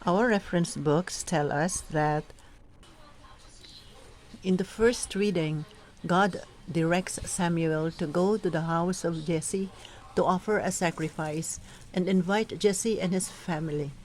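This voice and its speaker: A woman coaching church readers, giving slow, careful instructions and sounding out pronunciations. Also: lowish voice, darkish tone, slight background noise, poor audio. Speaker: reading coach. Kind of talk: instructional talk on proclaiming scripture.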